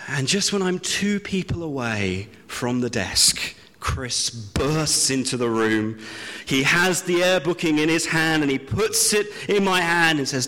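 A man from Britain preaching a sermon, telling a self-deprecating story with slow, drawn-out pauses. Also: medium pitch, a bit bright. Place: church hall. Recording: long hall reverb.

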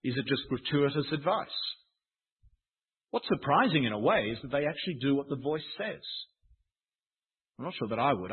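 Man, sermon, conversational and wry, husky voice, tinny phone-like sound. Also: fairly high pitch. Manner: conversational, wry and self-deprecating. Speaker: preacher.

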